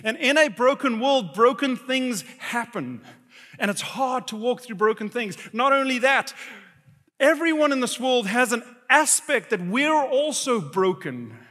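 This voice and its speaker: A middle-aged man preaching a sermon, telling a story about himself in an animated, self-mocking way and acting out his own reactions. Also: extremely high pitch, a little slow. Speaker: pastor. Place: church hall. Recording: live church hall reverb.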